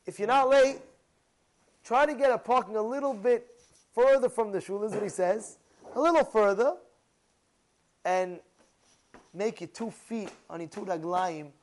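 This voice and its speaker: Rabbi, male, very high voice; animated, emphatic preacher who keeps asking his congregation questions, non-native English phrasing. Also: unhurried, long pauses, rough recording. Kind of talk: sermon to a congregation.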